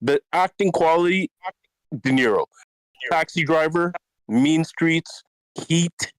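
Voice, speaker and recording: A man's voice: a little high, slow, clear, resonant tone, no echo, poor audio. Male podcast panelist, argumentative and jokey, dry close mic. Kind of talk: casual chat.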